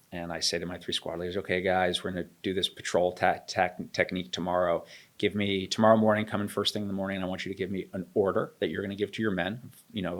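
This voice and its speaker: A man's voice: sits low, vocal fry. A man in his thirties, an interview guest, telling a story and acting out the dialogue. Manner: animated, acts out quoted dialogue. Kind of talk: storytelling in a conversation.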